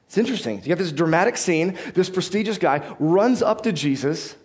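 A pastor preaching a conversational sermon in a church, explaining the text and putting questions to the congregation. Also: male voice, fairly high pitch, animated, fairly quick, hardly any pauses, darkish tone.

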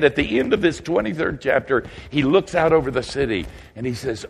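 An older man preaching a sermon in a folksy, wry way, swinging from loud outbursts to hushed asides. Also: fairly high pitch, animated, brisk, creaky, few pauses, husky.

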